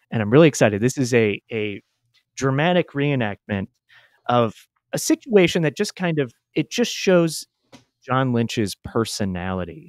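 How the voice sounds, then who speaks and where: A medium-pitched male podcast host with a Midwestern American accent tells a true story in a chatty, self-deprecating way. It's a casual storytelling chat, recorded dry with studio quality.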